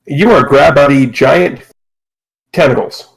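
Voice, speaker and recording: A man acting as game master, explaining rules and narrating a tabletop game over a voice call with a relaxed, playful manner. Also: a little high, measured pace, vocal fry, poor audio.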